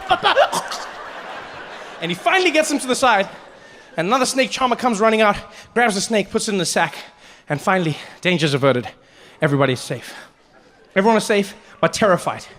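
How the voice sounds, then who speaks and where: A male stand-up comedian telling a story on stage, animated and slipping into character voices. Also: high voice, in a large hall, a little hiss or hum.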